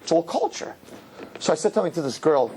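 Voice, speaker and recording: A rabbi giving a humorous sermon to young people, telling stories and jumping into high, mocking voices. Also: male voice, fast talker, slight background noise. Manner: animated storyteller, jumps into high mocking voices. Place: synagogue hall.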